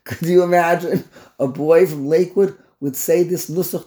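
A man's voice: on the high side, steady tone, measured pace, warm tone. A man teaching a Torah class in English, mixing in Hebrew and Yiddish terms, with stammering restarts and incredulous outbursts.

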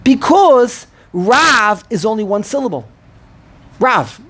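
A man with a husky, breathy voice teaches a student in an informal lesson. He talks with animation, restarting and repeating words as he goes, then slows right down to sound out each word carefully. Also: very high-pitched, very animated, sharp tone. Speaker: teacher of prayer pronunciation.

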